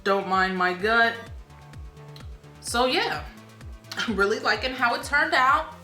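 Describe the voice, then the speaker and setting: A woman's voice: on the high side, lively intonation, takes it slowly, sharp tone, echoey room, faint music behind. A young woman chatting casually in a rambling, self-amused way as a beauty vlogger, a little out of breath. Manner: chatty, rambling, laughs at herself. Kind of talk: casual vlog chat.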